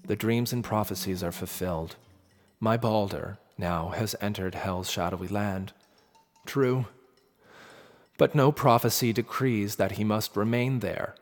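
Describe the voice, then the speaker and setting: A man's voice: fairly low pitch, measured pace, close to an everyday voice. Man voicing a grieving queen of the gods. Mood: pleading. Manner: forceful, pleading appeals. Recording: long reverb with faint music.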